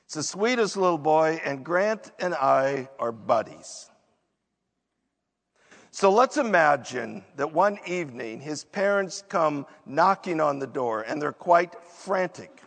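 Slow-preaching man in a reverberant hall. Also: fairly high pitch, animated, a bit bright. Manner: emphatic preaching with quick asides and acted-out excuses. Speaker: pastor. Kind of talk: sermon.

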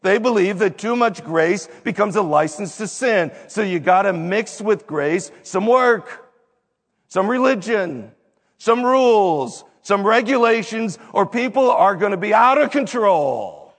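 A man preaching in a slow, deliberate, emphatic sermon. His voice sits a little high and has a gravelly edge. The sound carries a long reverb from a large hall. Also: lively intonation. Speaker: pastor.

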